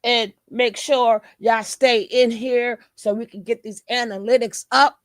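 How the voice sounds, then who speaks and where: A woman's voice: a little high, steady tone, a little slow, no echo, clean studio sound. A woman with a New York accent, hosting a channel and giving blunt, profane, heated reaction commentary. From New York City. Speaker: channel host.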